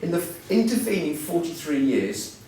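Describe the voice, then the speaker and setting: A man's voice: on the high side, sing-song, moderate pace, warm tone, a little hiss or hum. Man in his sixties telling stories in an echoey hall. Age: 60s. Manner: self-deprecating, humorous storytelling. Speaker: guest speaker. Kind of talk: anecdotal after-dinner talk. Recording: echoey hall, mic at a distance.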